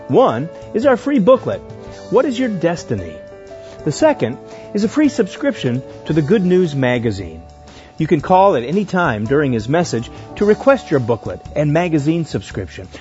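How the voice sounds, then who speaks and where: A man hosting a religious broadcast, reading a scripted introduction in a smooth announcer style. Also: a little high, a little mellow. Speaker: program host. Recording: dull sound with music behind.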